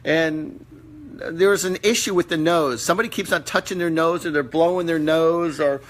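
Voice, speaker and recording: A man's voice: a little high, fairly even intonation, fairly quick. A man hosting a live-stream session, giving casual, blunt readings with some mild swearing. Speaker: psychic medium host. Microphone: computer or phone mic on a live stream.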